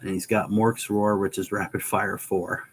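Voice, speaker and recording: Low-voiced man thinking aloud on stream. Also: level tone, a little slow, breathy edge, poor audio. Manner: thinking aloud, trailing restarts, reading out stats. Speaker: livestream host. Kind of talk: casual livestream chat.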